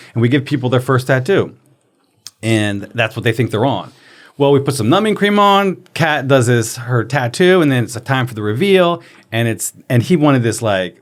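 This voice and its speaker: A man who is a guest on an interview show, telling prank stories in casual conversation and chuckling as he goes. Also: medium pitch.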